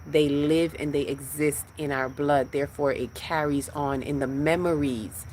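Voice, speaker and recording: A woman's voice: sits low, steady tone, unhurried, a little mellow, slight background noise. A woman hosting a spiritual livestream, teaching in a rhythmic, repetitive preaching cadence.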